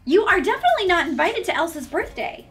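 A woman's voice: very high voice, very animated, quick pace, a bit bright, soft background music, full character voice. A woman playing a chatty young princess who bluntly asks her sister why she is acting strange. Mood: puzzled. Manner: blunt, quizzical. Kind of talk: comedy sketch acting.

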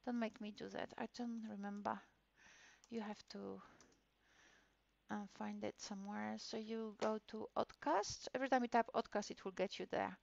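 A woman's voice: medium pitch, fairly even intonation, moderate pace, gravelly, dull audio. A woman lecturer giving a recorded course podcast, talking casually and acting out how a class of children would answer her. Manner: chatty, acts out classroom exchanges with children. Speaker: university lecturer.

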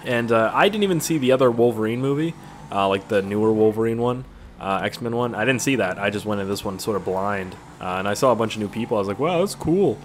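A man's voice: lowish voice, fast, slight background noise. A young man chatting casually while playing a game, rambling and profane, jumping between stories and the action. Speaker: gaming YouTuber. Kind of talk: casual gameplay commentary.

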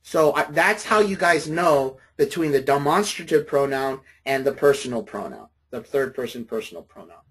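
A man's voice: mid-range voice, animated, normal speed, hardly any pauses, a bit bright, husky. A man lecturing a college class, patient and friendly, often checking in with his students.

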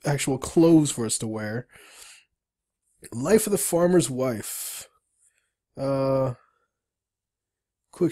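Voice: medium pitch, warm tone. A player walking through a game tutorial, reading the on-screen story aloud with chatty asides. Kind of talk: let's-play narration, reading game text aloud.

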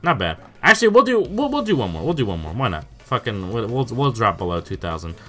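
Over soft background music, a young gaming YouTuber gives casual live commentary while playing an online game, swearing often. His mid-range voice is sing-song and sharp, and he talks fast, stammering in bursts and exclaiming in disbelief.

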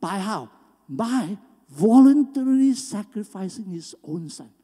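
A man's voice: sits high, animated, unhurried, warm tone, breathy edge. A man preaching a sermon as pastor, earnest and emphatic. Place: church sanctuary. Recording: long hall reverb.

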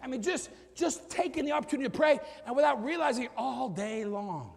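A middle-aged male pastor preaching a sermon, swinging from loud shouted peaks to low quiet asides. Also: fast talker. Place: church sanctuary with long reverb. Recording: reverberant church hall.

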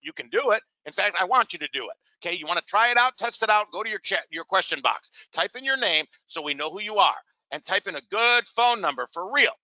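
Bright, animated man pitching a trading webinar. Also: brisk, few pauses, dry recording, muffled recording. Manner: energetic and salesy, keeps asking rhetorical questions and calls listeners "gang". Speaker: trading educator. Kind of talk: live webinar demo and sales pitch.

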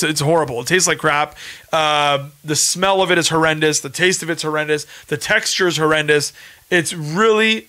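A Canadian man in his thirties chats casually on a livestream podcast, repeating himself as he insists on his points. His voice is bright and forward, pitched a little high for a man. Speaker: podcast host and former reality show contestant. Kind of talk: casual livestream chat reading viewer comments.

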